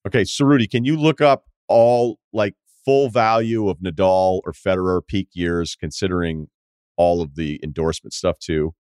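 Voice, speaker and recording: A man in his forties hosting a podcast, telling rambling stories in casual chat with swearing and animated asides. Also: low-pitched, moderate pace, clear, resonant tone, no echo, clean studio sound. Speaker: podcast host.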